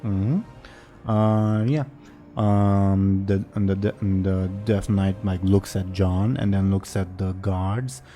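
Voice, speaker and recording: Slow, low-voiced male game master. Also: soft background music. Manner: relaxed, with many fillers. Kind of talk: narrating a tabletop role-play game.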